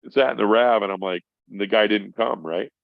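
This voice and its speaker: Gravelly stoned man telling a wild story. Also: lowish voice, normal speed, no echo. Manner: profane, rambling, animated storytelling. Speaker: podcast guest. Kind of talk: casual storytelling. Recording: dull lo-fi sound.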